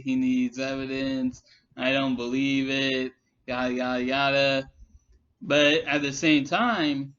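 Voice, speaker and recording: A man talks through a rebuttal vlog at an unhurried, deliberate pace, his voice sitting fairly high. He addresses his critics directly and argues his case point by point. The recording is a bit dull and lo-fi. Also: fairly bright tone. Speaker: commentary vlogger. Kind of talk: casual rebuttal commentary. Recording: slightly muffled lo-fi recording.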